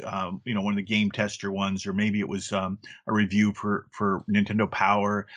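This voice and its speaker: A man's voice: on the low side, a bit bright. A middle-aged man talking casually as an interview guest, rambling with frequent restarts and fillers. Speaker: guest, former game play counselor.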